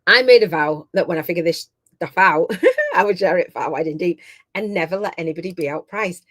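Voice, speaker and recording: A woman's voice: fairly low pitch, fairly quick, fairly bright tone. A middle-aged woman hosting a live online masterclass. She is heartfelt and chatty, and close to tears at times. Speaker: host and business coach.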